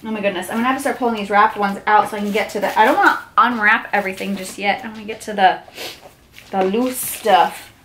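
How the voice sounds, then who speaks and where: A woman's voice: mid-range voice, fairly even intonation, fast, a bit bright, a little hiss or hum. A young woman vlogger unboxing gifts, gushing with squealing exclamations. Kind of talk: unboxing vlog.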